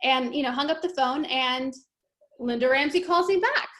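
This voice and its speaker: A woman hosting a group video call, telling a story in a chatty, animated way with laughs. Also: high-pitched, moderate pace. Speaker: meeting host.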